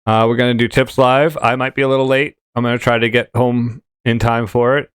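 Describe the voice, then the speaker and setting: A man hosts a relaxed gaming chat show, wandering from thought to thought with plenty of fillers and restarts. His voice is smooth and resonant, recorded close and dry with no room sound. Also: mid-range voice, a little fast, no room sound. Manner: rambling, with many fillers and restarts. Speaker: podcast host. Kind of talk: casual chat.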